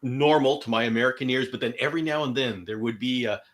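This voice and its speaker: A man from California hosting a casual video chat, speaking in a halting way with many hesitations. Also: medium pitch. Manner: halting, lots of hesitations and restarts. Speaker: host.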